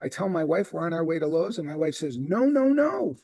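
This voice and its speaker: A man's voice: a little high, fast, vocal fry, dry recording. A middle-aged man giving a sales training talk, telling stories and acting out the dialogue in them. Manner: animated storyteller acting out dialogue. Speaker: real estate sales trainer.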